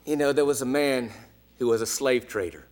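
A man in his sixties preaching a sermon as a story, dramatic, dropping to hushed whispers and rising to shouts. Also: medium pitch, moderate pace. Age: 60s.

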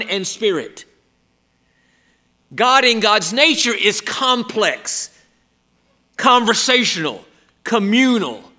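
A high-pitched man preaches a sermon with emphatic, dramatic delivery, swinging from loud exclamations down to hushed near-whispers.

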